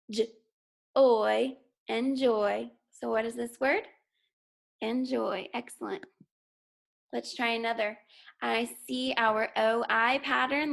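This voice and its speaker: A woman teaching a phonics lesson to young children, speaking clearly and encouragingly as she sounds out words letter by letter. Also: fairly high pitch, a bit bright. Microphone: recorded for school TV.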